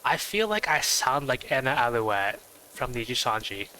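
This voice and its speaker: A man with a nasal voice chatting casually on a stream, rambling and thinking out loud with lots of fillers. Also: mid-range voice, very animated, moderate pace, rough recording.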